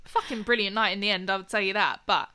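Bright-voiced young woman storyteller. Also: medium pitch, fairly even intonation, fast talker, clean tone. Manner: swears freely, laughs through the story. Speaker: podcast co-host telling a story. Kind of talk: casual chat.

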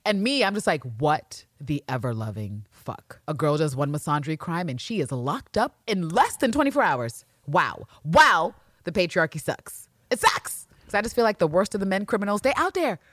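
A woman's voice: medium pitch, big pitch swings, quick pace, few pauses, no room sound, studio quality. A woman co-hosting a podcast, chatting casually and acting out characters with profane sass. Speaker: podcast co-host. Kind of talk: casual recap chat.

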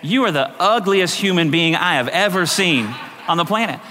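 A man's voice: sits high, lively intonation, normal speed, pushed and bright, long reverb tail. A man voicing a rude, insulting male parrot in a pet shop. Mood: taunting. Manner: jeering, insulting.

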